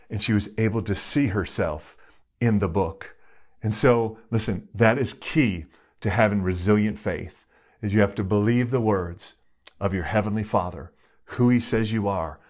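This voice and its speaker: A man preaching a sermon in a conversational, emphatic way, telling stories with sudden jumps in pitch. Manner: animated, emphatic storytelling with sudden rises in pitch; conversational, with fillers and restarts. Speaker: pastor.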